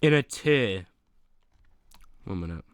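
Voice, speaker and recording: A man's voice: on the low side, expressive, slow, clear, resonant tone, no echo. A young man streaming casual chat, ranking teas with whiny pleading and sudden dramatic outbursts.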